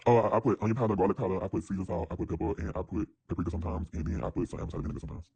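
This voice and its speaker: Dude putting on a deep raspy laid-back young guy, dark mumbly drawl, rattles along fast. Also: slight background noise, lightly acted. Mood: relaxed teasing.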